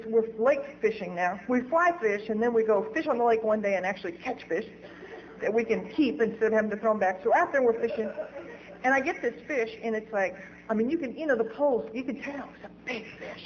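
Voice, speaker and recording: A woman's voice: a little high, brisk, lo-fi sound. A woman speaking at a recovery meeting, telling her own story candidly and laughing at herself. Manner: candid, self-mocking, laughs at own stories. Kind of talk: personal storytelling talk.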